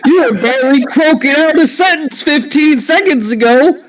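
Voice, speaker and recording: A man's voice: extremely high pitch, normal speed, crowd noise. A man playing a tabletop game, talking incredulously and swearing with laughter. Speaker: player.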